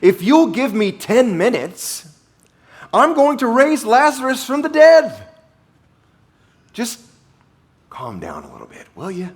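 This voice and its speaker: A man voicing an imagined figure who impatiently brushes off a grieving woman and tells her to calm down. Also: extremely high pitch, pitched above the performer's own voice, heavily acted. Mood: dismissive. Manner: dismissive, hurried reassurance.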